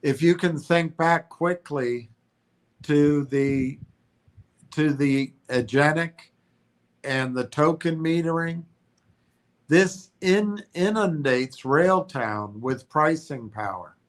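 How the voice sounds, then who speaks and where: Slow-talking congested man streaming. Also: a little high. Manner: halting, restarts and self-corrections. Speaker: stock livestream host. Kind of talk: casual stream commentary, reading notes aloud.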